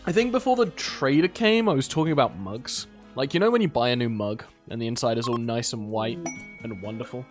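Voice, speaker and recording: A man's voice: mid-range voice, expressive, fairly quick. A British man chats his way through a game session. His voice rises and falls a lot as he rambles and scolds his characters. Faint game music plays underneath. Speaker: gaming video host. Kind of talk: casual gameplay commentary.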